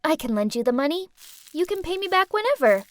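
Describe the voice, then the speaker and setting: A woman voicing a sincere, kind teenage girl who gently reassures her friend in a storytime video. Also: very high voice, very animated, fast, voice pushed up. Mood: reassuring.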